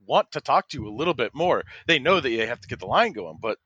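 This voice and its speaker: A man's voice: mid-range voice, big pitch swings, fast, fairly bright tone, husky, muffled recording. A man co-hosting a podcast in casual chat, chiming in with teasing remarks. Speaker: podcast co-host.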